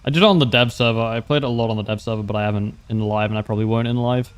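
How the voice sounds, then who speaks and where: A young man giving casual, wry commentary while he streams a game. He laughs often and answers viewers' questions in an easygoing way. His voice sits at a middle pitch. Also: fairly even intonation, rapid-fire, smooth, dry recording. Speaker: livestreamer.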